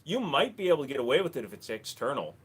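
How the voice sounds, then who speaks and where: A man's voice: medium pitch, very animated, fast talker, slightly rough. A man hosting a casual livestream, chatting offhand with viewers, rambling and swearing freely into a desk microphone. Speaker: livestream host.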